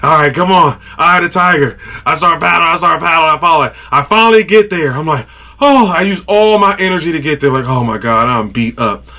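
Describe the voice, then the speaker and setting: A man hosting a podcast, casually telling a story and acting out his own groans, shouts and sound effects. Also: on the high side, fast, hardly any pauses. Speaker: podcast host.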